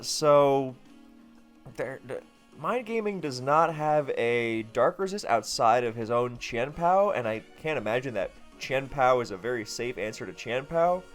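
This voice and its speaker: A man giving casual, rambling commentary on a competitive game, chatty and self-deprecating with lots of asides. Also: medium pitch.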